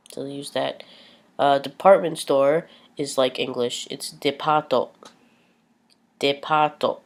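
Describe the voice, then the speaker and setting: A woman giving a casual vlog lesson, chatty and full of ums, slowing down to repeat each new word. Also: sits low. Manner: chatty, many ums, slows down to spell out words. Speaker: language teacher.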